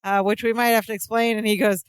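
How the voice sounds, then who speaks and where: A podcast co-host casually retelling a sitcom episode, acting out the characters' lines in quick voices. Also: medium pitch, flat delivery, smooth, dry recording.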